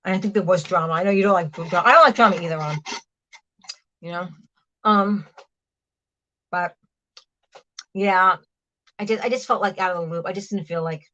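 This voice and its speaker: Cooking at home, this livestream host talks loosely to her audience, full of fillers and "hang on"s, wandering between rooms and frequently away from her device mic. She speaks in a fairly low, slightly bright voice at a moderate pace with long pauses. The sound is lo-fi.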